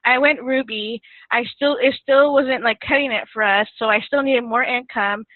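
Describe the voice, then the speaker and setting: A woman's voice: a little high, normal speed, dry recording. A woman guest telling her story in a casual interview, chatty, laughing often and getting emotional. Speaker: guest distributor. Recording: tinny phone line, dry.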